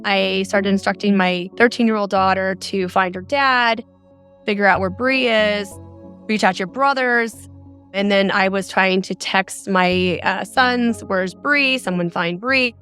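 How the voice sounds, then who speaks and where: A woman's voice: mid-range voice, fairly even intonation, measured pace, fairly bright tone, soft background music. A middle-aged woman from Arizona, a mother of four, earnestly recounting a frightening experience as a guest on a podcast. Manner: earnest, detailed storytelling.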